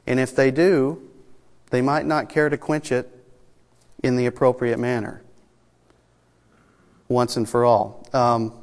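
A man preaching a sermon as pastor, measured and deliberate, with pauses and fillers, slowing down to stress key words. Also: mid-range voice, little pitch movement. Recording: hall with long reverb.

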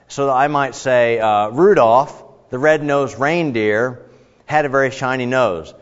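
Guy teaching bible study, chatty and rambly, lots of ums, kinda muffled and echoey. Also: medium pitch. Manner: chatty, rambling, self-deprecating, many fillers and restarts. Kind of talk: casual Bible study lesson. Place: work-from-home setting. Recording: dull lo-fi sound with long reverb.

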